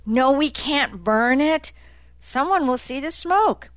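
Woman doing a jumpy hunted young man, snapping, voice jumping up high, dry close sound. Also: lively intonation, slow, dry recording. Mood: tense, snapping. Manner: sharp, snapping, anxious. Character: tense young man on the run, snappish and panicky.

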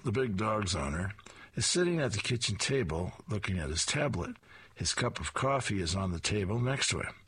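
Raspy-voiced man reading comics aloud. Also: on the low side, bright, forceful tone. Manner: descriptive, with chuckled asides. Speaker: comic strip reader.

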